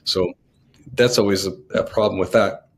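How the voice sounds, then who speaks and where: A man's voice: fairly low pitch, normal speed. A man guesting on a podcast, explaining his ideas casually and acting out little examples as he goes. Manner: explains with animated acted-out examples. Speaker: guest author on nervous system training. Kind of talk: conversational podcast interview.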